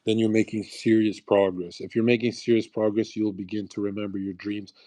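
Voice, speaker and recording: Crude, lecturing young man, low voice. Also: flat delivery, fairly quick, dark tone. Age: young adult. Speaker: speaker on a live audio call. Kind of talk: unscripted preachy monologue. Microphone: online voice call.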